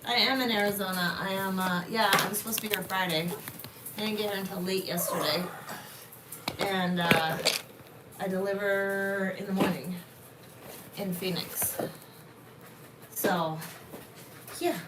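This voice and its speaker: A woman's voice: mid-range voice, steady tone, measured pace, pauses often, echoey room, recorded from a distance. Chatty woman on a noisy live stream. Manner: chatty, teasing, talks to viewers. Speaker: truck driver live-streaming. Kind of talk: casual live-stream chat. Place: family home in Arizona.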